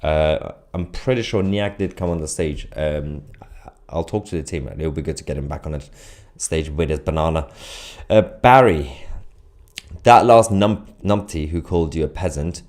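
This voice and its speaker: A man's voice: a bass voice, moderate pace, a little mellow. A man hosting a live stream, chatting casually and reading out viewer comments, with many fillers and restarts.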